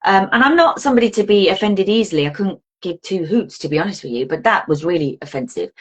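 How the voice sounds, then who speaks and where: A woman's voice: medium pitch, fast, husky. A woman guest on a podcast, chatting casually and acting out her own reactions as she tells a story. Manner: animated, acts out her own reactions in quotes. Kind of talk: casual chat.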